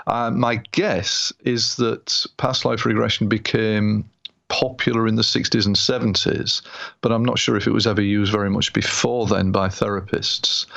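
A male hypnotherapist speaks in a gravelly voice, recounting his experiences in measured sentences. He often restarts mid-phrase as he thinks aloud. The recording is dull and lo-fi. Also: lowish voice, a bit bright. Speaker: hypnotherapist, guest. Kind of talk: conversational interview storytelling. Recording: slightly dull lo-fi sound.

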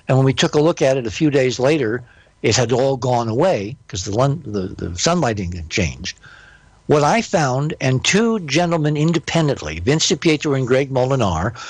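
A man's voice: fairly high pitch, no echo. An older man, a guest in an interview, telling a long story in an emphatic, impassioned way.

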